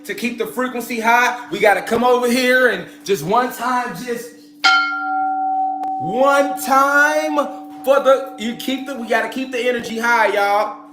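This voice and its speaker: A man giving a profane, preachy lecture to his viewers, full of repeated call-and-response asides. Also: very high voice. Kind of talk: street-style lecture to viewers.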